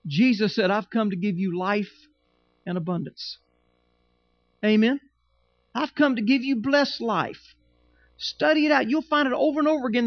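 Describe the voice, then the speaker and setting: Emphatic preacher on a dull, dry recording. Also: male voice, very high voice, creaky, dry recording. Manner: emphatic, repetitive, with humorous asides. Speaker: pastor. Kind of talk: sermon.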